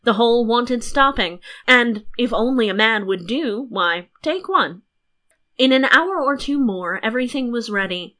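A woman narrating a fairy tale audiobook in an even storytelling manner. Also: on the high side, a little slow.

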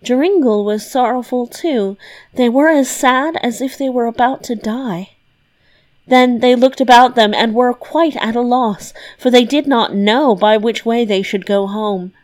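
Slow, measured woman reading a fairy tale. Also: fairly high pitch. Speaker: storyteller. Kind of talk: scripted storybook narration.

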